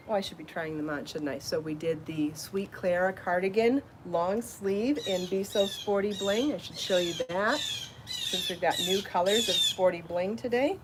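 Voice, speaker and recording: A woman hosting a live crafting show, chatty and enthusiastic, out of breath from rushing around and trying on garments. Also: mid-range voice, noisy background. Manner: chatty and enthusiastic, laughs at herself. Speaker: podcast host showing her yarn designs. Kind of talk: casual live show chat.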